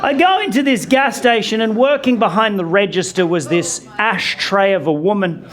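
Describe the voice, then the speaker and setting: A man doing stand-up, telling a story in an animated way with rants, swearing and shouted punchlines in a comedy club. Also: sits high, moderate pace, crowd noise. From from abroad, not American. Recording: comedy club with loud audience laughter.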